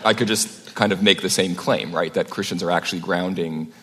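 Deep-voiced man debating in a hall. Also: breathy edge. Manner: fast, questioning, argumentative. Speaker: debate speaker. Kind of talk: live public debate. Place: event hall with audience. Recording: long reverb of a hall.

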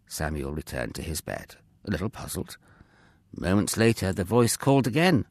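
Deep-voiced man telling a children's Bible story. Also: moderate pace, no echo, studio quality. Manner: expressive, gently addressing children.

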